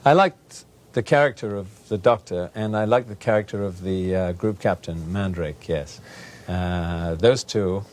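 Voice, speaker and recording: A man's voice: deep voice, unhurried, darkish tone. A man from England, a guest on a talk show, speaking hesitantly with many fillers and a playful streak. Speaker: guest actor.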